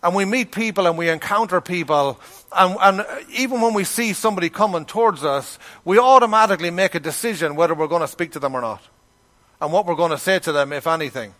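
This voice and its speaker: A middle-aged man with an Irish accent preaches in a relaxed, conversational way, sliding into anecdotes and giving the people in them their own voices. His voice sits a touch higher than most men's. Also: fast talker. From Ireland. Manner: conversational storytelling, acts out quoted voices. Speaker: pastor. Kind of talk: sermon with storytelling.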